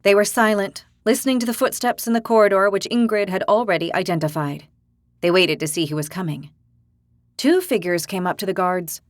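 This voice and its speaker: A woman narrator reading a fantasy audiobook, steady and even. Her voice sits mid-range, recorded close and dry with no room sound. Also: mid-range voice, a little fast, no echo. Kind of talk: scripted narration.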